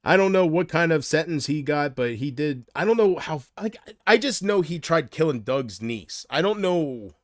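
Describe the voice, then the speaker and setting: A man's voice: fairly high pitch, lively intonation, moderate pace, no echo, clean studio sound. A man chatting casually on a livestream, rambling from thought to thought and often trailing off.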